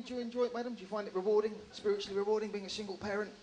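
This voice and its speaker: A man in his thirties from England with an English accent, doing a stand-up set in a dry, self-deprecating way at a slow, deliberate pace. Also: high-pitched, steady tone, a little mellow, low-quality recording. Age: 30s. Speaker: stand-up comedian. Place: comedy club stage with a live audience.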